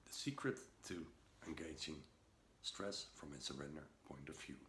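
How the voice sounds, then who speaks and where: A man who coaches breathwork, giving an earnest, emphatic talk about stress and slowing down on his key points. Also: very deep voice, sharp tone. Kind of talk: motivational talk to camera. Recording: roomy echo with faint background noise.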